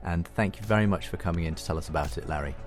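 A man's voice: deep voice, racing, music in the background. A man hosting an interview, wrapping it up in a courteous, gracious manner. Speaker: interview host. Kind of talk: closing an interview.

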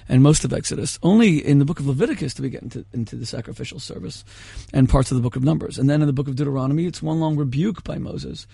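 Fast-talking gravelly man debating. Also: medium pitch, warm tone, no echo, clean studio sound. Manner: impassioned, rhetorical, interrupts. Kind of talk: heated debate.

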